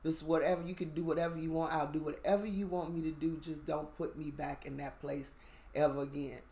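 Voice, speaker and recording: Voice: medium pitch, fairly even intonation, fairly quick, dark tone, lightly acted. A storyteller voicing a shaken Pharaoh who begs not to be sent back to his torment. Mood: pleading. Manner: desperate, begging. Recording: echoey room.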